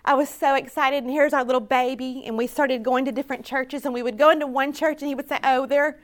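A woman with a fairly high voice tells her faith story to a conference audience. She speaks earnestly and keeps quoting the prayers she once said. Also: steady tone, quick pace. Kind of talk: personal testimony talk.

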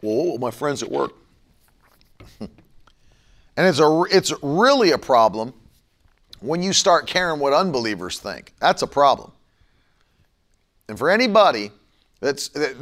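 A man's voice: fairly high pitch, a bit bright. A middle-aged man preaching a broadcast sermon and leading a prayer, emphatic and fervent, now and then mocking his critics.

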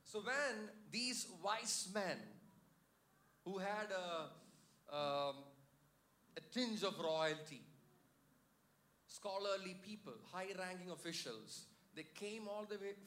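Male pastor, sermon, church, fairly high voice, call-and-response. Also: fairly bright tone. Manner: paraphrases scripture with many fillers and restarts.

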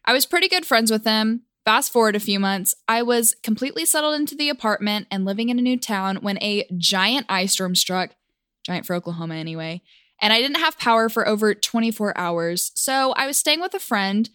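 A woman casually telling a personal story, with wry, deadpan asides. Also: fairly high pitch, a little fast, clear, resonant tone, dry recording, clean studio sound.

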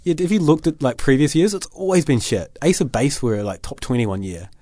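A man co-hosting a casual podcast, chatty and self-mocking with the odd swear word. His voice sits in a middle pitch, recorded close on a dry mic with no room sound. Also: sing-song, fairly quick, mellow, no echo. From Australia. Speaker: podcast co-host. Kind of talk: casual chat.

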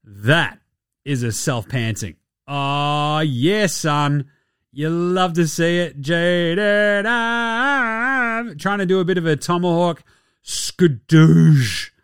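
A young Australian man hosts a casual sports podcast in a fairly high, fairly bright voice, speaking slowly. His talk is irreverent, jokey banter full of swearing. The studio-quality recording is clean with no echo.

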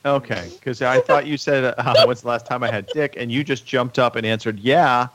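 A man's voice: medium pitch, steady tone, moderate pace, fairly bright tone, no echo. A man hosting a podcast in loose, joking chat with friends, often stumbling and restarting his sentences. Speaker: podcast host. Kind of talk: casual chat among friends.

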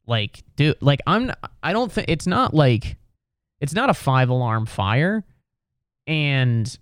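A young man hosts a podcast of casual sports talk, rambling in a profane, exasperated way. When mimicking others he swings up into mocking high voices. The studio-quality recording has no room sound.

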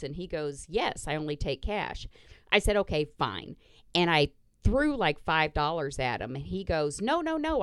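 A woman's voice: deep voice, clear, resonant tone, no echo. A woman podcast host casually retelling a story, blunt and profane, acting out the dialogue.

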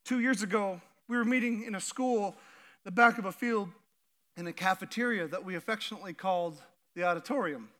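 A man preaching a sermon as pastor, animated and full of "like", leading the congregation in spoken declarations. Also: sits high. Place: church auditorium.

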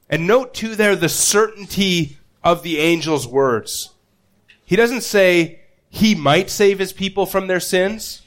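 A man preaching a sermon as pastor, earnest, often repeating a word as he restarts and slowing down to stress key phrases. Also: high-pitched.

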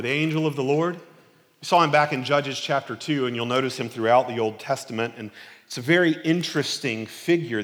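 A male preacher giving an expository sermon in an animated, conversational, emphatic way. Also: mid-range voice, in a large hall.

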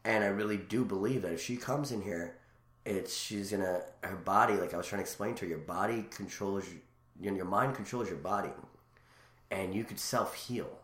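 A man's voice: deep voice, normal speed, echoey room. A man chatting casually as a guest, telling rambling stories full of restarts. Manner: rambling, animated storyteller with many restarts. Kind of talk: casual chat.

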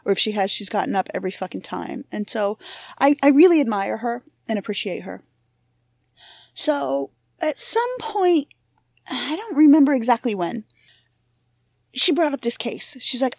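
A woman podcast host talks in a loose, candid way, sprinkling in curse words and wry asides about herself. Her voice sits a little high for a woman. The recording is dry and close, with no room sound. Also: sing-song, moderate pace, vocal fry, darkish tone, no room sound. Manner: frank, profane, self-deprecating. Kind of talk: casual monologue intro.

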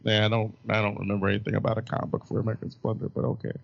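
A man's voice: lowish voice, monotone, rapid-fire, gravelly, dry recording. A man hosting a casual movie chat podcast, teasing and laughing often. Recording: dull lo-fi sound.

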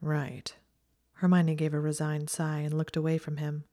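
Low-voiced woman reading a story. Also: flat delivery, a little fast, mellow. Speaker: narrator. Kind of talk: audiobook narration of fan fiction.

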